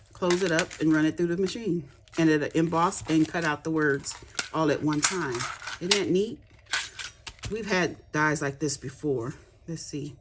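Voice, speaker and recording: Low-voiced woman gushing over craft supplies. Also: a little hiss or hum. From United States. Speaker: craft demonstrator. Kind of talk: casual unboxing chat.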